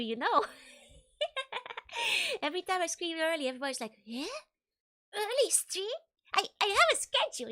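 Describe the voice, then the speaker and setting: A woman's voice: sits high, a bit bright. A young woman streaming, chatting casually with viewers, giggling often and repeating her greetings.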